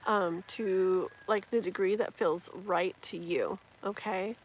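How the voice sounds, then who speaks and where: A woman reads tarot cards live from home, talking in a loose, rambling way full of fillers and restarts. Her pitch sits in an ordinary middle range. Faint ambient hiss runs under her voice from a webcam mic. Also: steady tone, slow, rough recording. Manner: chatty, rambling, many fillers. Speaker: tarot reader. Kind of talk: live-stream tarot reading.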